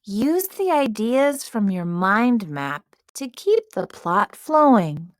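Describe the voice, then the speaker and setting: A woman narrator guides children through writing a fairy tale, speaking very slowly and clearly. Her pitch moves in a lively way, as in storybook reading. The voice-over is dry and close-miked. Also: dry recording. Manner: slow, clear, storybook delivery. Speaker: teacher narrator.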